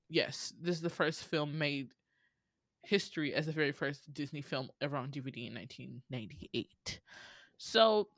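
A young woman with a low-pitched voice, recorded without echo, hosts a casual podcast chat. She reads out film trivia, adding sassy asides and saying "um" often.

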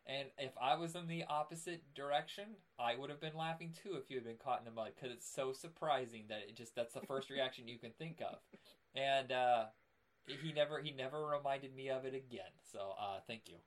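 Animated young man telling funny stories. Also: medium pitch, a little fast. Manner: animated storyteller, acts out scenes with loud outbursts. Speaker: podcast co-host. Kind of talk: casual chat.

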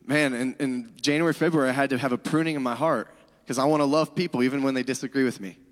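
A man's voice: mid-range voice, steady tone, fast talker, in a large hall. A middle-aged male pastor preaching a sermon in a conversational way, with asides to the congregation.

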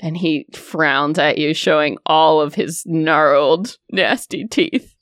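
A woman's voice: deep voice, fairly bright tone, dry recording, clean studio sound. A woman narrating a tabletop game as game master, describing scenes in detail. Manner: descriptive, unhurried storytelling.

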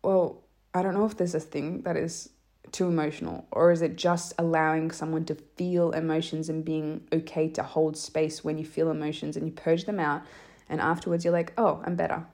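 Woman, low register, gravelly fry; candid, rambling, profane confessional vlog. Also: level tone, moderate pace, a little mellow. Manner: candid, rambling, swears freely. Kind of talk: emotional personal monologue. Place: lives in Iceland.

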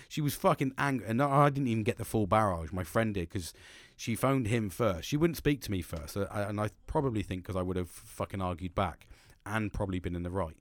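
A young man rambles through a story in a dry, close recording, swearing all the time and laughing as he talks. His voice sits at a middle pitch, and he bursts into excited highs and falls to low mutters. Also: no echo. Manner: swears constantly, animated, laughs through stories. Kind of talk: casual storytelling to camera.

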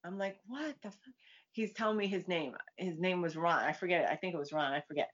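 Talking fast in a fairly low-pitched voice, a woman guest who is a psychic medium chats loosely in an interview, acting out the voices in her anecdotes. The sound quality is dull and lo-fi.

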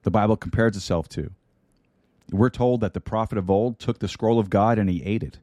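A man's voice: lowish voice, a little fast, warm tone, dry recording. A man preaching a sermon into a studio microphone, repeating key lines and dropping in light humor. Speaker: pastor. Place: broadcast studio.

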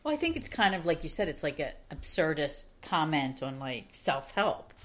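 Woman with a very low voice, thoughtful, hedging talker, casual podcast chat. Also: sing-song, moderate pace. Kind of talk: casual book discussion.

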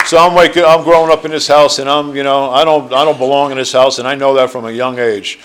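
A man's voice: mid-range voice, little pitch movement, quick pace, a loud crowd, heavy background noise. A man in his sixties with a New Jersey accent, sharing his life story at a recovery meeting in a rambling, earnest way full of fillers. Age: 60s. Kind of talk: personal testimony talk. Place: meeting room.

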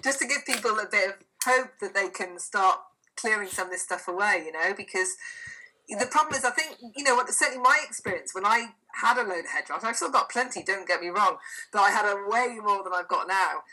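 A woman, a therapist, talking as a podcast guest. Her voice is bright and forward, her pitch in a middle range, and she speaks with emphatic enthusiasm, acting out what clients said. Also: fairly quick, rough recording. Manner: enthusiastic and emphatic, animated retelling of client stories. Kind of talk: conversational interview.

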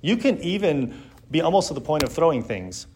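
A man's voice: a little high, sing-song, brisk, a little mellow, a little hiss or hum. A man giving a church Sunday school lesson, speaking earnestly and reading scripture aloud with emphasis.

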